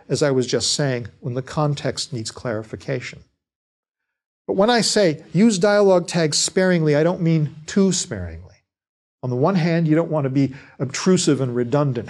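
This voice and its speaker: A male lecturer delivers a prepared talk on writing. His voice sits at a middle pitch, and his delivery is measured and deliberate. He lays out each point in steady, explanatory phrases. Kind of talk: scripted lecture.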